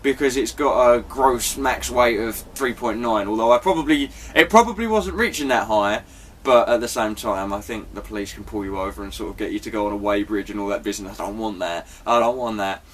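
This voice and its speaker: A man's voice: lowish voice, fairly quick, a little hiss or hum. A man giving a rambling, apologetic vlog update, chatty and swearing now and then. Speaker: vlogger.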